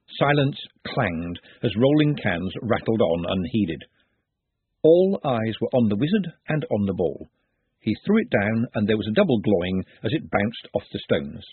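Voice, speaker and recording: A man narrating a story in a dry, wry, measured way. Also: mid-range voice, husky, dry recording. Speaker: audiobook narrator. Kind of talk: scripted narration. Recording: dry, phone-like narrow sound.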